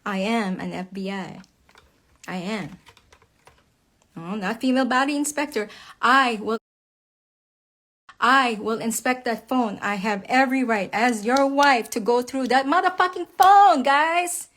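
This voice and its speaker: A woman's voice: a little high, unhurried, long pauses, fairly bright tone. A woman, very angry, giving a heated, profane rant to viewers about her husband. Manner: heated, profane, emphatic, addresses viewers as guys. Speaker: wife speaking out online. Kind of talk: angry personal rant to camera.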